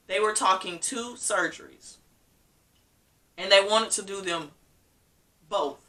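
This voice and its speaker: Bright-voiced woman telling an emotional story. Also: mid-range voice, takes it slowly, long pauses, recorded from a distance. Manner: candid, emotional storytelling with acted-out quotes. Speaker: vlogger. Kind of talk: personal storytime vlog.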